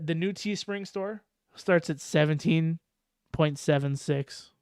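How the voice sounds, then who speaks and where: A man hosting a casual podcast, talking in an animated, profane way and laughing often. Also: on the high side, takes it slowly, clear, resonant tone, no room sound, clean studio sound. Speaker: podcast host.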